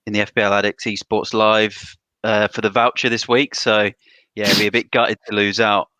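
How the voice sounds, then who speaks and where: Male pundit, low and forceful, laid-back chat, dry sound. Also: normal speed, smooth, no room sound. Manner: relaxed, filler-heavy. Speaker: panel pundit. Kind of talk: casual podcast chat.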